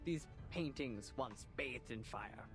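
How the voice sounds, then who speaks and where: A man's voice: mid-range voice, slow, a bit bright, soft background music. An actor voicing a smug, theatrical male art exhibit host who speaks in a flamboyant, teasing way.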